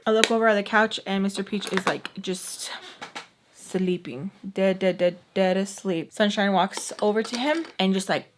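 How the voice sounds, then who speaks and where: A woman's voice: medium pitch, unhurried, a little hiss or hum. Chatty young woman telling a story. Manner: chatty, full of "like", acts out quoted dialogue, swears freely. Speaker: vlogger telling a personal story. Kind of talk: casual storytime vlog.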